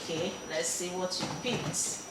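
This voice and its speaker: A woman hosting a talk show, unhurried as she announces segments and explains the rules. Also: on the low side, level tone. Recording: echoey room, mic at a distance, clear background noise.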